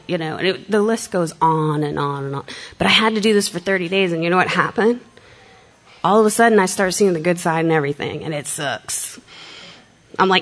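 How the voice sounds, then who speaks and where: A middle-aged woman telling her recovery story candidly, blunt and self-mocking, swearing freely and acting out dialogue. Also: on the low side. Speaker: speaker sharing a recovery story.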